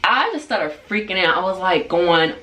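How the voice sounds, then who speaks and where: A woman in her twenties telling a story in a casual vlog, animated and full of fillers. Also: lowish voice, normal speed. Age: 20s. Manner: animated, chatty, filler-heavy. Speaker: vlogger. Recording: roomy sound, far from the mic.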